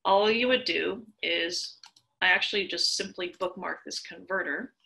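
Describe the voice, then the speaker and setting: Woman walking you through an app tutorial, bright voice with some gravel in it, chatty, goes step by step. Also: lowish voice, moderate pace, rough recording. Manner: chatty, explains step by step with examples. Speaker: tutorial host. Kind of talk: screen-share tutorial.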